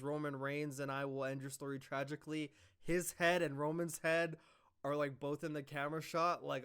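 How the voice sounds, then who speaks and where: A man's voice: on the high side, clean tone. A man casually recapping a wrestling show, rambling, swearing and acting out quoted lines. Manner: rambling, profane, animated retelling with quoted lines.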